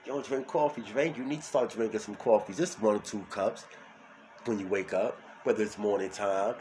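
A man with a New York accent hosting his own solo podcast, talking loud and hyped, then dropping to a mutter. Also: on the low side, normal speed, a little hiss or hum. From New York City. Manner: loud, hyped, swings between shouting and mumbling. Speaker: podcast host.

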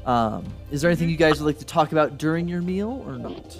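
A man narrates a tabletop game as game master, in a casual, rambling way with plenty of fillers. His voice sits fairly high for a man. Soft background music plays throughout. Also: animated, fast talker.

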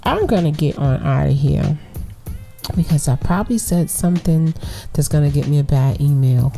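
A woman from New York hosting a podcast, giving animated, preachy relationship advice in casual slang straight to her listeners. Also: low-pitched, moderate pace, gravelly, soft background music. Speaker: podcast host.

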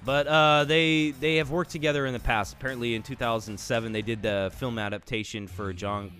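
Laid-back male co-host, mid pitch, casual news chat, faint music behind. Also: brisk. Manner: relaxed, easygoing, jokey.

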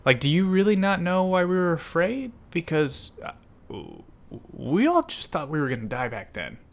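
A man's voice: mid-range voice, huge pitch swings, measured pace, voice pushed up, exaggerated voice. A man voicing an exasperated, blunt male disciple who rambles and questions his teacher hesitantly. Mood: flustered.

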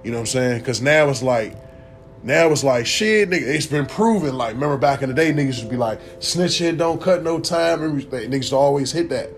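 A man's voice: medium pitch, animated, fast talker. Profane, rambling young man ranting. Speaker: vlogger. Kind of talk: casual rant to camera.

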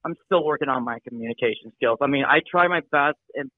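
A man talking casually over a phone call, halting and restarting as he explains and apologizes. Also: medium pitch, no room sound. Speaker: show regular. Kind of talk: casual chat. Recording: tinny phone line.

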